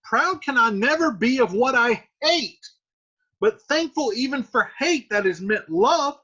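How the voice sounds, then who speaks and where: Desperate teenage daughter, voiced by a man, raised pitch, on a dull lo-fi recording. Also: lively intonation, a little slow, sharp tone, breathy edge, full character voice. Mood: defiant. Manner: earnest, then paraphrased in casual speech. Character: pleading defiant teenage girl.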